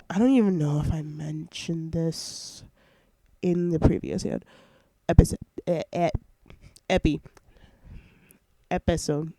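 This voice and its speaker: A young adult student rambles into a headset microphone, restarting sentences and leaning on fillers. The voice is stuffy and congested, with a mellow, dark tone. The delivery is unhurried and slow. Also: medium pitch, dry recording. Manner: rambling, heavy on fillers, self-interrupting. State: congested and sniffling. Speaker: college student vlogger. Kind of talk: casual rambling chat. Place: at home.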